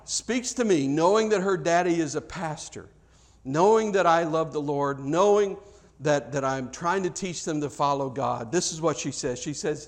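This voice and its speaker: A middle-aged man preaching a sermon in a loose, conversational way, breaking off and restarting as he tells family stories. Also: normal speed. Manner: conversational, self-interrupting, acts out dialogue with big pitch jumps. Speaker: pastor. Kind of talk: sermon with storytelling.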